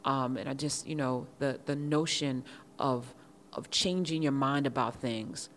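Podcast host, woman from the US with a low voice, loose monologue delivery, passionate and emphatic, often repeats words as she starts a thought. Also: measured pace, slight background noise. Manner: passionate, emphatic rhetorical questions.

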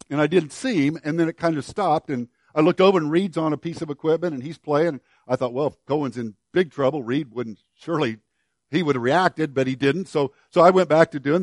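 A man's voice: fairly high pitch, no room sound, studio quality. Folksy older male pastor preaching. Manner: folksy storytelling with many restarts. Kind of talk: sermon.

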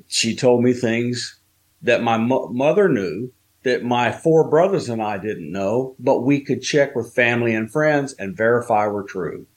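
Male guest from the American South, mid-pitched, unhurried storyteller who stops and restarts. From Southern United States. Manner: slow, halting storytelling with fillers. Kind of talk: telling a personal story in a podcast interview.

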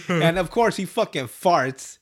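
A man hosting a casual podcast, recapping a cartoon episode with swearing, laughter and quick asides. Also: a little high, animated. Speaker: podcast host.

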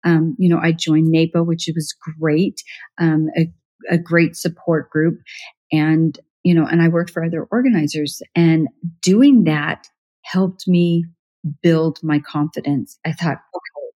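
A middle-aged woman telling her story as a guest in a casual interview, chatty and animated, acting out what others said with little laughs. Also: low-pitched, unhurried. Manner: chatty, animated, acts out quoted voices with laughs. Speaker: professional organizer, podcast guest.

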